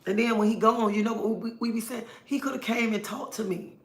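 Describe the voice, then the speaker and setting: A woman's voice: a little high, fairly even intonation, brisk. A middle-aged woman hosting a livestream, talking earnestly and preachily and repeating her points for emphasis. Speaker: livestream host. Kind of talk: casual livestream monologue. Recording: roomy echo.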